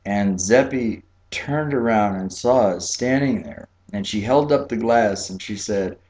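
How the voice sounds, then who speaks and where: A man from Key West, Florida telling a childhood story in a relaxed, chatty way, with frequent fillers and laughs. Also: fairly low pitch, unhurried. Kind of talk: personal storytelling.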